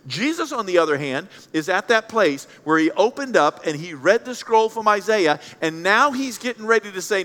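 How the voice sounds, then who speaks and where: Animated pastor preaching. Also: male voice, high voice, normal speed, hardly any pauses. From Central Kentucky. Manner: animated, blunt, acts out voices of others. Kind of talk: sermon. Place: church sanctuary. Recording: long hall reverb.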